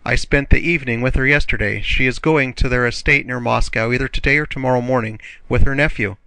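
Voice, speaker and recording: A chattering, teasing society lady, voiced by a man reading an audiobook. The voice is lifted and bright, with a crisp edge. The sound is dry and close. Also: medium pitch, fast talker, dry recording. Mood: eager gossip. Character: gossipy society lady hostess.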